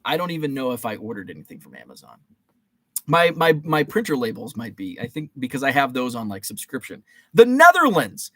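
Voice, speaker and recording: A man's voice: medium pitch, wildly swooping pitch, brisk, fairly bright tone, dry recording. Rambling, joking man hosting a live chat. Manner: rambling, joking, with many fillers and restarts. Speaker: host of a live chat stream. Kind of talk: casual live-stream chat.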